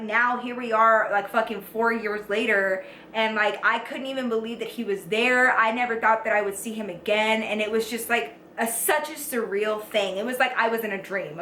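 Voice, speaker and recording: A woman's voice: a little high, bright, forceful tone, roomy sound, a little hiss or hum. A woman, chatty, swearing a lot and saying "like" constantly. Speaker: YouTube storyteller. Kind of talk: casual storytime vlog.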